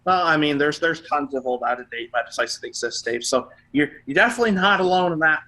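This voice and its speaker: Young guy hosting a chat, bright crisp voice, eager and agreeable. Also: fairly high pitch, expressive, poor audio. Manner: enthusiastic, quick to agree. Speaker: interview host. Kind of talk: casual online interview.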